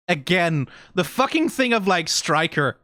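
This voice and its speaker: Danish-accented streamer, rambling sweary reactor, animated delivery, dry room. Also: medium pitch, no echo. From Denmark. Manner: rambling, swears often, many fillers. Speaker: video reactor. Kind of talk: casual reaction commentary.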